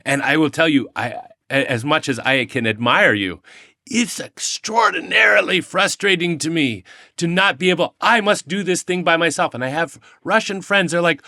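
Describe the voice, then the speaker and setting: Bright, animated American man. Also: on the high side, normal speed, dry recording, clean studio sound. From United States. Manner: animated, laughs often, acts out others' speech. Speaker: guest. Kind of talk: casual conversation.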